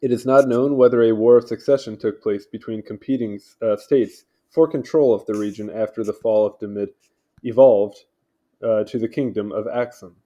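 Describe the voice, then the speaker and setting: A man's voice: lowish voice, fairly even intonation, moderate pace, warm tone, dull audio. A man casually reading articles aloud at home, stumbling over names and tossing in offhand remarks. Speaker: video host reading wiki articles. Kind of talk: casual read-along commentary. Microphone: home mic.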